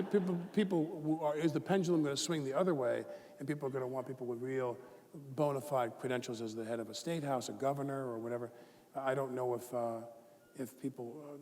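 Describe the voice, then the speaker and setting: A man in his fifties, a guest author telling rambling, animated stories with many fillers and restarts in a live onstage conversation. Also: medium pitch. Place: large event hall with a live audience. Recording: long reverb of a large hall, faint noise.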